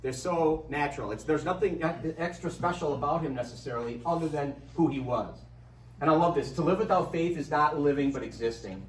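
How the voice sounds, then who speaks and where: A middle-aged man giving a lively, joking parish talk to an audience, telling stories as he goes. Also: fairly high pitch, brisk, slight background noise. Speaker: adult formation speaker. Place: parish hall. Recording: echoey hall from far off.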